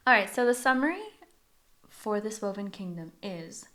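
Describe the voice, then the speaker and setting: A young woman co-hosting a book podcast in relaxed, teasing banter with her friend. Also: mid-range voice, normal speed. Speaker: podcast co-host. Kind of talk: casual chat.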